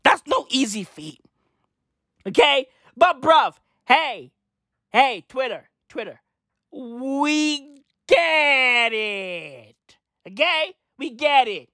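Woman vlogger, fairly high voice, exasperated profane ranting, dry room. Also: lively intonation, slow, fairly bright tone, dry recording. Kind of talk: comic rant to camera.

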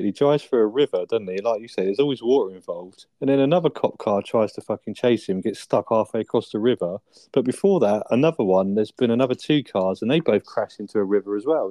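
Low, mellow man chatting. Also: dry recording. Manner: laid-back, sweary, asks tag questions. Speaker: podcast co-host. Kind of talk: casual film review chat.

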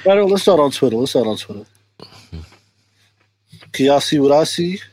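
A man's voice: on the high side, expressive, normal speed, darkish tone, slightly rough. A man hosting a podcast in casual chat, joking around and often adding "you feel me". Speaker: podcast host.

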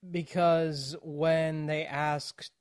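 A man's voice: on the high side, level tone, very slow, clean tone. Chatty man hosting a podcast. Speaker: podcast host. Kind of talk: casual podcast chat.

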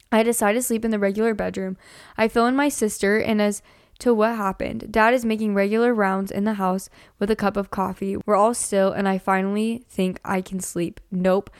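Young woman, podcast co-host, reads scary stories, chatty, middle pitch, dry close sound. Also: smooth, no echo. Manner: chatty, full of "like". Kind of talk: reading scary stories aloud and casual chat.

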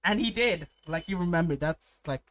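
A young man from India talks casually with a friend, full of swearing and quick anecdotes. His voice sits slightly high. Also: expressive, fairly bright tone. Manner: profane, storytelling, laughs often. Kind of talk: casual chat.

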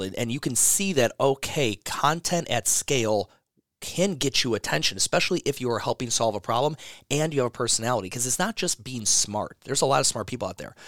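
A man's voice: medium pitch, a bit bright, no room sound, clean studio sound. A man who runs a gym consulting business talks casually in an interview, rambling with frequent restarts and swearing freely.

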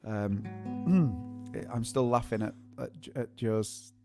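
A man tells a story on a live music stream, giggling often and tripping over his words. His voice sits at a middle pitch. Faint music plays behind him. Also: very slow. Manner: rambling, repeats words as he restarts. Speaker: musician co-host of a live show. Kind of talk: casual storytelling chat.

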